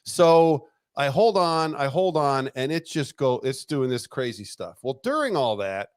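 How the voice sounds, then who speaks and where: A middle-aged man, a retired police detective and interview guest, telling a story in a casual, animated way, laughing often and swearing freely. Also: mid-range voice, unhurried, clean tone, dry recording, studio quality.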